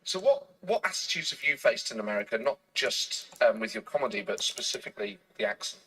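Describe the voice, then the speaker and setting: A man's voice: medium pitch, sing-song, a little fast, gravelly, a bit bright, a little hiss or hum, rough recording. A man interviewing a guest, asking long, thoughtful questions. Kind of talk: casual interview.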